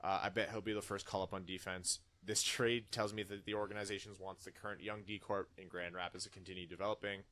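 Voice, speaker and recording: A man's voice: low voice, level tone, fast talker, few pauses, fairly bright tone. Man reading fan comments on a podcast. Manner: chatty, reads comments with put-on dramatic voices. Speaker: podcast host. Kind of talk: casual podcast chat, reading listener comments aloud.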